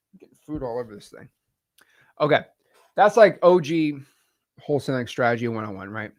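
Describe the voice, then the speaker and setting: A man's voice: mid-range voice, no room sound, studio quality. A man hosting a live-stream lesson on real estate deals, talking in a casual, slangy way and acting out calls with sellers. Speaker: real estate wholesaling coach and host. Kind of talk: live-stream teaching session.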